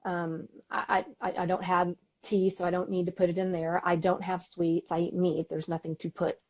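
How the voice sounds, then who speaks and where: A woman with a Texan accent, co-hosting a podcast in casual chat, talkative and quick to laugh, acting out quotes as she tells stories. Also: fairly low pitch, little pitch movement, darkish tone, muffled recording. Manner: chatty, laughs often, acts out quotes. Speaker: podcast co-host. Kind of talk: casual chat on a live stream.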